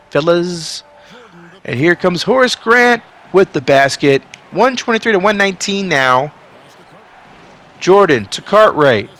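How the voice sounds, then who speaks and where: A man doing play-by-play for a basketball video game simulation, swinging from calm asides to excited outbursts, a bit sick. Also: fairly high pitch. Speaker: video game sim commentator. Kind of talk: play-by-play commentary.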